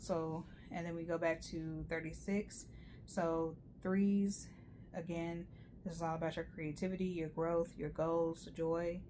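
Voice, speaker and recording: With a low-pitched, darkish voice, this woman wanders through a chatty tarot reading packed with fillers and side comments. A little hiss or hum sits under the recording.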